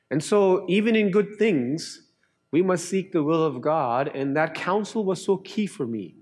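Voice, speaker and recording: A middle-aged Canadian pastor preaches earnestly at a measured pace, his male voice rising into lively storytelling and dropping into quiet, low emphasis.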